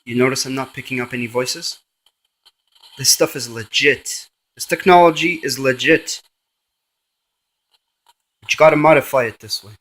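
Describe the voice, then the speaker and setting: A man's voice: mid-range voice, normal speed, long pauses, a bit bright, rough recording. A man, a paranormal investigator, running a spirit box session and coaxingly calling a spirit by name.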